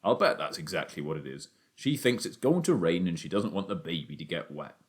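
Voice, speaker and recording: A man voicing a boy's father, a rural working man, who talks in a low, steady, earnest way. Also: a little fast.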